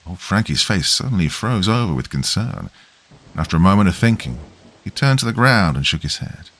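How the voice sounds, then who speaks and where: A man's voice: deep voice, very animated, brisk, fairly bright tone. A man reading a horror story aloud as a scripted first-person narration.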